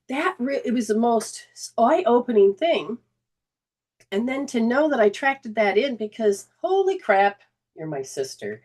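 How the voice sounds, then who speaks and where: A woman with a fairly high voice speaks a little slowly as host and spiritual healing coach of a self-help talk. She's earnest and conversational, often restarting sentences and briefly acting out remembered dialogue in lively quoted voices.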